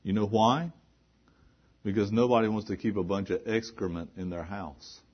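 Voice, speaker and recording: A man with a very low voice preaches a sermon, pressing his points through repetition and rhetorical questions. The recording is dull and lo-fi, with the top end muffled. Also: moderate pace, husky.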